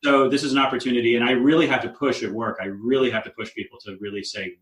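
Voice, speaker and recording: A man's voice: mid-range voice, fairly even intonation, quick pace, few pauses, a bit bright. Laughing man guest in a roomy echo. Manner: loose and laughing, many likes and restarts. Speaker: guest author. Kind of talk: casual interview chat.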